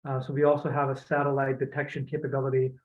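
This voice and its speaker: A man giving a presentation as a utility executive, measured and hesitant, with many fillers and restarts, clearing his throat as he loses his voice. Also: mid-range voice, completely flat delivery, a little mellow. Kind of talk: presentation talk. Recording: phone-like narrow audio.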